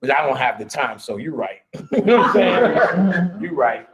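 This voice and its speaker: A man giving a casual, profane live lecture, blunt and swaggering, breaking into laughs and shouts as he gets worked up. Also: fairly high pitch, sing-song, moderate pace, over a noisy crowd.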